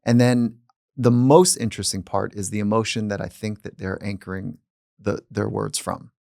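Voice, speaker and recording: Low-voiced man with a gravelly texture, calm and reflective, casual podcast talk, dry sound. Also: normal speed, no echo. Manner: calm and reflective, speaking at length. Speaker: psychologist and podcast host. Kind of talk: casual conversation.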